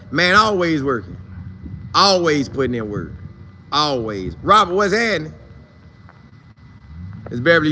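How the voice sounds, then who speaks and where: High-pitched, bright-voiced sports chat host. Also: male voice, a little hiss or hum. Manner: shouts out viewers by name, slangy and animated. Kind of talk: casual live-stream sports chat.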